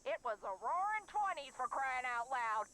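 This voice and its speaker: An actress playing a brash, sharp-tongued old woman who once ran with flappers, teasing and quick with comebacks in a mystery video game. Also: sits high, very animated, a little hiss or hum, rough recording. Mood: sassy. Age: older.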